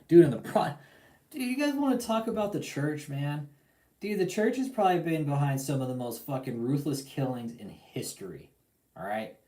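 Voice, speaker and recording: A man hosting a casual call-in talk show, ranting in a profane, animated way with lots of slang. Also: on the high side, normal speed, reverberant, poor audio. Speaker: podcast host.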